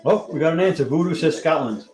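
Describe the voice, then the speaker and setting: A man's voice: fairly high pitch, fast talker, darkish tone, faint music behind, low-quality recording. A man hosting a live-stream trivia game, chatting casually and reading out viewers' answers as they come in. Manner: chatty, thinks aloud, reads out viewer answers. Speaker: livestream trivia host.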